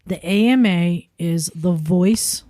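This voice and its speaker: A woman's voice: on the low side, slow pace, warm tone, no echo. A woman hosting a podcast, steering the chat along and hesitating with fillers as she thinks. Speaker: podcast host. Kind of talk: casual chat.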